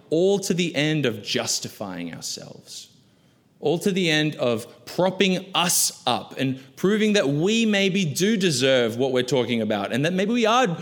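A male pastor preaching a sermon, asking rhetorical questions and moving between loud emphasis and hushed, low asides. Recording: long reverb of a large hall.

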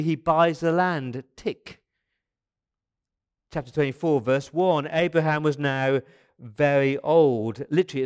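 A man in his fifties preaching a sermon as pastor, in a lively, conversational way with asides and quick restarts. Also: a little high. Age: 50s.

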